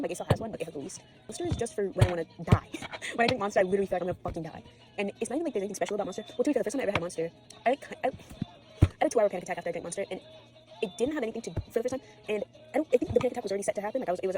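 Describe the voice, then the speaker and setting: A teenage girl vlogging at home after an all-nighter, tired, swearing and rambling from topic to topic. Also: medium pitch. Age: teens. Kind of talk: rambling late-night vlog.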